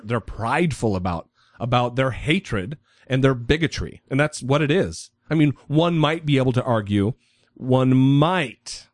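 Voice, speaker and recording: A man's voice: medium pitch, dry recording, studio quality. A man co-hosting a podcast, ranting in heated, profane casual chat. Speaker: podcast co-host.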